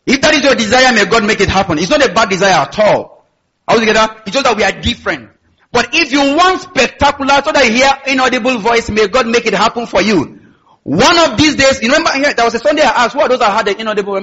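High, bright-voiced preaching man. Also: husky, dull audio. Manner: emphatic preaching with call-and-response asides. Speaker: pastor. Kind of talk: sermon.

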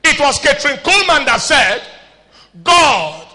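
A man preaching a sermon, swinging between shouted declarations and low, quiet asides, often calling out questions to the congregation. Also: lively intonation, unhurried, big-room sound.

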